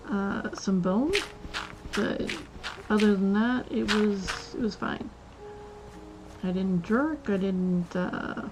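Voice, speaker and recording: Female streamer, casual rambling storyteller, brightish pitch, clicky desk noise. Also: muffled recording. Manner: rambling, animated, many restarts and fillers. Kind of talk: casual storytelling while gaming.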